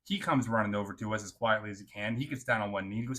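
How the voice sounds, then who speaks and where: A man telling a casual, crude and joking storytime, animated and often checking in with the listener. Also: fairly low pitch, quick pace.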